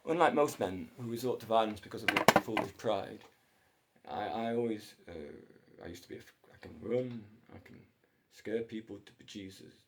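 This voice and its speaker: On a noisy background, a man with a lowish voice hosts his own channel at a normal pace. His solo monologue is rambling and jokey, drifting digressively from one story to the next.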